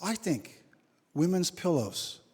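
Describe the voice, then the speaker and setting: A man from Newfoundland, Canada, doing animated stand-up comedy on a theater stage and talking straight to the crowd through a handheld mic. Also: high-pitched, takes it slowly, slightly rough. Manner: animated storytelling, addressing the crowd. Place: theater stage before a live audience. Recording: theater reverb, audience noise.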